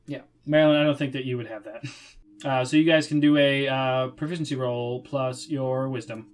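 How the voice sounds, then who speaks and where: A man narrating as game master, in a relaxed way with frequent hesitations. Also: mid-range voice, normal speed.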